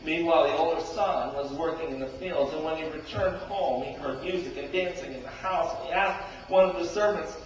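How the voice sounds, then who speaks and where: A male pastor preaching a sermon with dramatic storytelling, sweeping from loud outbursts to hushed tones. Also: a little high, a little fast, few pauses. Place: church sanctuary. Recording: echoey church hall from far off, dull lo-fi. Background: church hall reverb.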